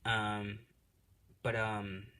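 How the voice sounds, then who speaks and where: A man's voice: fairly low pitch, monotone, very slow, pushed and bright. Male host, casual improvised storytelling, rambling, self-deprecating, heavy on fillers. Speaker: channel host telling a fan story.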